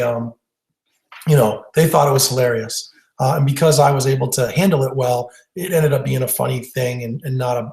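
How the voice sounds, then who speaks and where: A man's voice: mid-range voice, vocal fry. A man teaching stage hypnosis in a webinar, telling a story in a conversational way with fillers and restarts. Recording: roomy echo.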